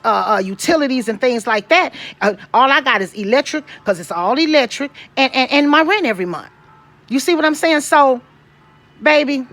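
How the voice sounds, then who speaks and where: A woman's voice: on the high side, fairly bright tone. Preachy middle-aged woman vlogger. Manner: preachy, emphatic, with church interjections and repeated "you see". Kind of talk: casual monologue to camera.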